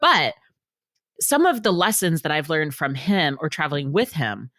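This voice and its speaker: A woman's voice: low-pitched, sing-song, normal speed, fairly bright tone, no echo, studio quality. A woman author talking as a podcast guest, telling stories animatedly and acting out the quotes. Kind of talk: casual storytelling in a podcast interview.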